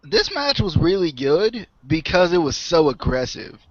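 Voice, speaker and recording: Young male co-host, chatty and laughing, higher voice, dry muffled call sound. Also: big pitch swings, a little slow, dry recording. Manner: chatty, laughs often, trails off. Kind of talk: casual review chat. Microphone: online call mic.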